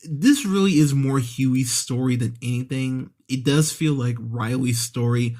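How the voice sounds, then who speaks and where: A man's voice: mid-range voice, unhurried, a little mellow. Casual man reviewing a cartoon episode. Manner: conversational, re-voices characters when quoting scenes; frequent self-corrections and fillers. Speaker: podcast host.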